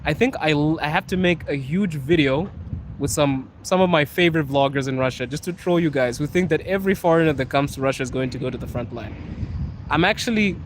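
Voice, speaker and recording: A young man hosting a relaxed livestream out on a city street, his voice sitting a little high for a man. He reads viewer comments aloud in a playful, teasing way and laughs often. City traffic rumbles clearly behind his phone mic. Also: brisk, poor audio. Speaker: livestream host. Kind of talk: casual live-stream chat.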